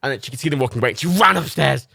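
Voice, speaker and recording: A man's voice: mid-range voice, lively intonation, rapid-fire, gravelly, sharp tone, slightly rough, dry recording, studio quality. A young man hosting a livestream, chatting in a casual storytelling way, laughing often and swearing casually. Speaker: livestream host.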